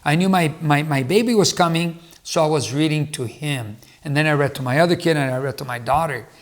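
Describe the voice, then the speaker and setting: A man's voice: a little high, a little fast. A middle-aged man, a former teacher, giving earnest advice to camera in a casual talk, with restarts and repeated words. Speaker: motivational speaker and former teacher.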